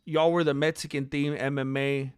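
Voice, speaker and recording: A man's voice: mid-range voice, level tone, moderate pace, clear, resonant tone, dry recording, clean studio sound. A man hosting a live stream, reading viewer comments and bantering in a laid-back, chuckling way.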